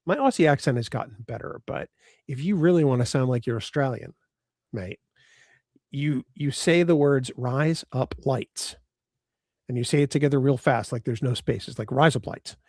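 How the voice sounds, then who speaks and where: A man's voice: mid-range voice, fairly quick, darkish tone, dry recording, studio quality. A man co-hosting a live fan show in casual chat, greeting viewers in the chat and joking around. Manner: chatty, reads out chat names, joking. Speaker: podcast co-host.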